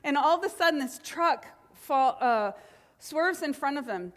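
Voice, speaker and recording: A middle-aged woman minister giving a sermon, animated, acting out quotes with voice changes. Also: high-pitched, measured pace. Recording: long reverb of a hall.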